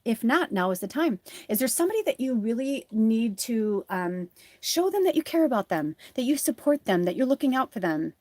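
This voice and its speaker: A woman who is a tarot reader and spiritual medium runs a live reading, rambling in a casual, chatty way full of fillers while earnestly encouraging her viewers. Her voice is a little high, darkish, very animated and a little fast, with no echo.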